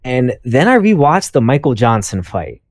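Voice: medium pitch, very animated, moderate pace, darkish tone, no room sound, clean studio sound. A podcast panelist breaking down a fight in a casual sports chat.

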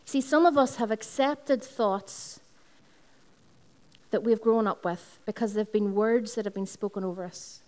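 At a Sunday service held in a school hall, a Northern Irish woman who is the lead pastor preaches a sermon. Her voice is mid-range and darkish, her pace unhurried. She tells personal stories, repeats key phrases, and addresses the congregation directly.

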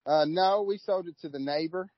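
A man's voice: high-pitched, normal speed, no room sound. Sex: man. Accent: Kentucky twang. Role: racehorse trainer. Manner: folksy storyteller. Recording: dull, dry, lo-fi. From Louisville, Kentucky. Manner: relaxed storyteller, folksy, repeats words. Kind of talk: casual interview chat.

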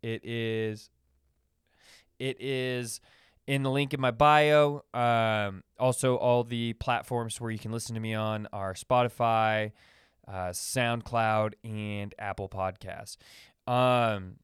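A man talks through his week on a casual solo podcast, wandering from one anecdote to the next with plenty of fillers. His voice is smooth and clear. The sound is dry and close, with no room echo. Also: medium pitch, fairly even intonation, slow pace. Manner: rambling, many fillers, acts out funny voices in anecdotes. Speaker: podcast host.

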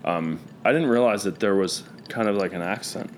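A man with a lowish voice spins rambling, profane stories in casual conversation. He strings thoughts together with lots of fillers and restarts. A faint hiss sits under the recording. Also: moderate pace. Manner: rambling storyteller, loose and profane, many fillers. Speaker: guest. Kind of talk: casual chat.

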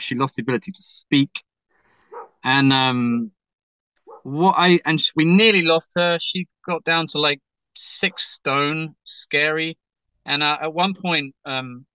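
A man's voice: a little high, sharp tone, no room sound, low-quality recording. A man from England with an English accent, a musician guest telling a personal story in a candid, emotional, rambling way with many restarts and some swearing.

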